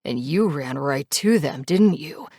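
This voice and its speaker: A woman reading the lines of an angry, grieving young male biker in an audiobook, shouting and accusing. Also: sits low, animated, measured pace, husky, dry recording, clean studio sound, exaggerated voice.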